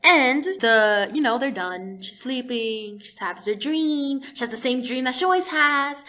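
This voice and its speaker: A young woman giving a blunt, animated, profane show review as a casual vlog. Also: on the high side. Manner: animated, blunt, swears freely.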